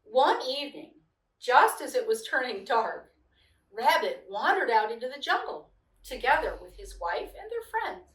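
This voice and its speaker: Expressive middle-aged woman reading children's stories. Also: fairly high pitch, moderate pace. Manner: gentle, expressive, chatty with a child nearby. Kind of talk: children's story read-aloud. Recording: echoey room, mic at a distance.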